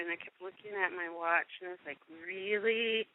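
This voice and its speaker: A woman from the United States, a guest being interviewed, telling a story in a casual, animated way with frank, salty wording. She laughs as she goes and acts out the voices of the people in her story. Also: lowish voice, normal speed. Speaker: actress and guest. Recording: tinny, dry phone line.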